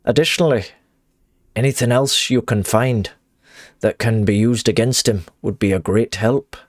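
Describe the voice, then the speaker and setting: A man voicing a scheming male noble quest giver in a game, putting on an Irish accent and reading slowly, with many halting repeats. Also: on the low side, lightly acted. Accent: Irish, put on badly. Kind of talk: reading game dialogue aloud.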